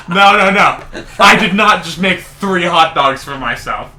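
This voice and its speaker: A man's voice: high voice, sharp tone. A young man co-hosting a casual podcast, rambling and swearing as he tells stories, often laughing through them. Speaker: podcast co-host.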